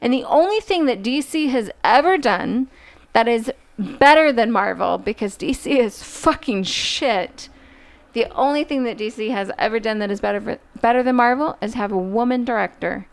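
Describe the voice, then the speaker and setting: A woman's voice: on the high side, animated, moderate pace, gravelly. A woman co-hosting a casual podcast, rambling through tangents and swearing freely. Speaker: podcast co-host.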